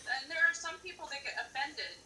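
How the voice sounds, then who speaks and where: A woman's voice: sits high, expressive, a little fast, sharp tone, echoey room, distant mic, poor audio. A woman co-hosting a casual live-stream chat, telling stories and agreeing along. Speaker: co-host. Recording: set back from the mic, faint room noise.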